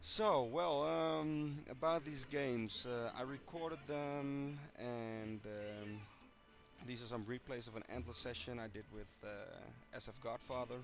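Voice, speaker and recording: A man's voice: mid-range voice, slow, gravelly, faint music behind. A man casually commentating his own fighting-game match replays, hesitant with many ums and uhs, and joking at his own expense in a dry way. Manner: dry self-mocking humor.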